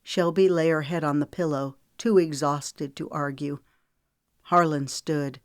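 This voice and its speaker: A woman author narrating her own historical novel in a measured, dramatic reading. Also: low voice, fairly even intonation, no room sound, studio quality. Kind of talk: audiobook narration.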